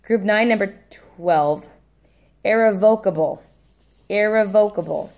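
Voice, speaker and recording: Woman teacher reading out a spelling list for her class; slow, repeats each word, quick apologetic corrections, mid-range pitch. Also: a little mellow. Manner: says each word slowly, repeats it, adds brief asides. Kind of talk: dictating a spelling test.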